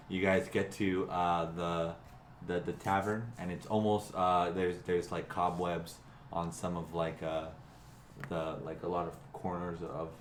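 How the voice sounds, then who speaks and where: Deep male game master, halting improv narration, echoey call audio. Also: level tone. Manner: halting, full of fillers and restarts. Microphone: online call mic. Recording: echoey room, faint hum.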